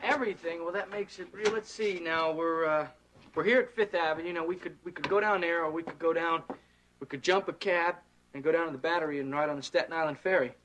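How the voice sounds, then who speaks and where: A man's voice: a little high, fast, noisy background, lightly acted. An actor playing a folksy young man who talks with a Texas drawl in an 1980s TV soap. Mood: easygoing. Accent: Texan. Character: young man called Jeb, charming guide. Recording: soundtrack music behind.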